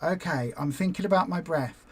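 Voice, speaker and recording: A woman hosting a weight-loss group livestream, chatting casually and rambling into lively acted-out asides. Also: deep voice, normal speed, husky.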